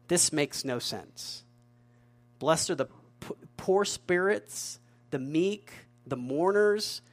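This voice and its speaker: Male pastor, slightly high voice, chatty sermon delivery full of repeated words and "right?" check-ins. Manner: conversational, repeats words, asks the audience questions.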